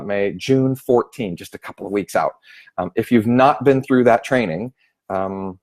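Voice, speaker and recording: Male sales trainer, lively, acts out callers mid-talk. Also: on the low side. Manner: animated, acts out phone voices. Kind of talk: spoken training tip.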